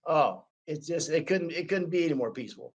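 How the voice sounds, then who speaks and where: An older man in his sixties with a slightly high voice, chatting casually as co-host. He tells long, rambling anecdotes, with lots of filler. His delivery is loose and conversational. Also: brisk, very noisy. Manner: rambling, animated anecdotes full of "man" and "you know what I mean". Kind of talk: casual storytelling chat.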